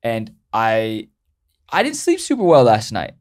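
A man telling a story in casual podcast chat, animated and full of "like", often laughing as he talks. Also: fairly low pitch, a little slow. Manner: animated, heavy use of "like", laughs while telling.

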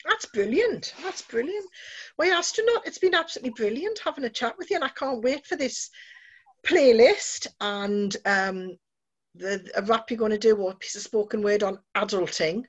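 Woman host, enthusiastic, breathy, slightly high voice, dull lo-fi sound. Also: expressive, normal speed. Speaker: podcast host. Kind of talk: casual chat.

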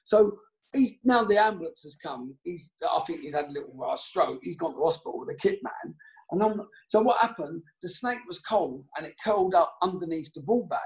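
Gravelly man telling a tale. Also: a little high, a little fast. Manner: animated storyteller, swears freely. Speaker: former footballer guest. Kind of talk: casual anecdote telling.

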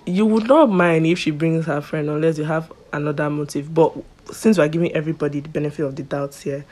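A woman's voice: sits low, fairly quick. A young woman, a guest in a casual podcast chat, retelling events expressively and mimicking the people involved. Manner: expressive storyteller, mimics others dramatically.

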